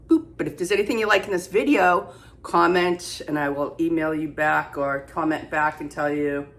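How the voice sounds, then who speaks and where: A middle-aged woman with a New lilt talks through her thrift finds from her kitchen, rambling, self-deprecating and chatty. Her speaking voice sits notably low for a woman, and she wanders from one aside to the next. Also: a bit bright. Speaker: thrift reseller vlogger. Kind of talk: casual haul vlog. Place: home kitchen.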